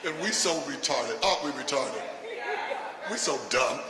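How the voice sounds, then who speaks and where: An older man doing stand-up comedy with a provocative, punchy delivery that breaks into shouts. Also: medium pitch, lively intonation, moderate pace, a crowd in the background. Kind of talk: stand-up routine. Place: live comedy stage. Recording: echoey live venue from a distance with noise.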